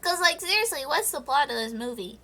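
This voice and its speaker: Woman streamer, very high and bright voice, chatty and giggly, casual desk-mic chat. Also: big pitch swings, brisk, a little hiss or hum. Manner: chatty, giggly, acts out characters in silly voices. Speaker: streamer reviewing a film.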